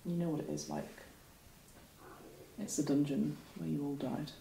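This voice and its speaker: Gravelly-voiced woman narrating a game. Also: low-pitched, level tone, warm tone, slight background noise. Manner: halting, searching for words, many fillers. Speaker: game master. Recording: echoey room, far from mic.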